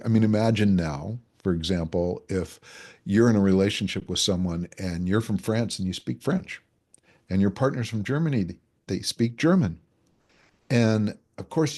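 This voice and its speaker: In a low, dark voice with vocal fry, a relationship energetics expert explains his ideas as an interview guest, talking conversationally. He leans on everyday examples and performs the voices of those he quotes.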